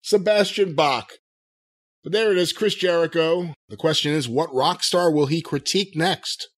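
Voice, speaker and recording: A man co-hosting a podcast, reading out quotes and listener questions in an animated, jokey way. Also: fairly high pitch, moderate pace. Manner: animated, jokey, laughs easily. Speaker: podcast co-host.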